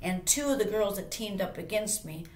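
An expressive woman with a mid-range voice talks at a normal speed as she hosts her channel and tells a personal story. She's casual, emphatic and rambling, repeating and restarting often, recorded with roomy echo.

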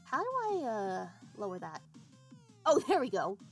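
A woman's voice: mid-range voice, sing-song, moderate pace, soft background music. A woman streamer chatting casually with her viewers while setting up and playing a game, swearing offhandedly. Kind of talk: casual livestream chat while gaming.

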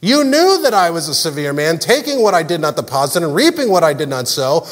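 A man preaching a sermon as pastor, animated and jokey, acting out the characters' lines. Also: a little high, fairly quick, in a large hall. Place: large church hall.

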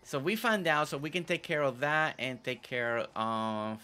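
A man's voice: medium pitch, measured pace, sharp tone, smooth. A man whose first language is not English, chatting casually over his gameplay. He repeats himself and stumbles over tricky names. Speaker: gameplay video host.

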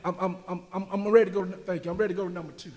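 A man preaching a sermon as pastor, swinging between soft talk and shouted call-and-response lines. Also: high-pitched, fairly even intonation, very fast. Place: large church sanctuary. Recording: long church reverb.

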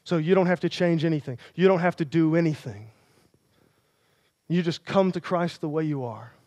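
A man's voice: a little high, normal speed, a little mellow, no room sound. A man preaching a sermon as a pastor, with impassioned, emphatic delivery.

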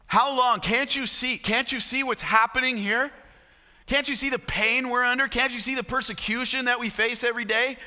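A man's voice: very high voice, fairly even intonation, quick pace, few pauses, bright, forceful tone, long reverb tail, pitched above the performer's own voice, full character voice. A man preaching voices anguished enslaved Israelites crying out to God in rising, pleading questions.

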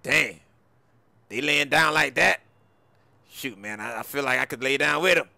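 A man bantering loudly in street slang as he role-plays a boastful character during a video game. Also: mid-range voice, moderate pace, gravelly, no room sound. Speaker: gamer in role-play.

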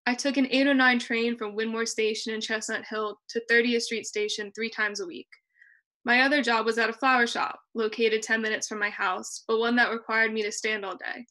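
A young woman reads her personal essay aloud over a video call, her tone bright and a touch high. She moves through the text in a measured and expressive way. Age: young adult. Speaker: student reader.

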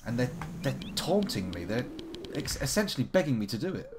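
A man's voice: mid-range voice, sing-song, brisk, faint music behind. A man from the United Kingdom giving casual gameplay commentary as a streamer, wry and self-mocking, with frequent fillers. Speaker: game streamer.

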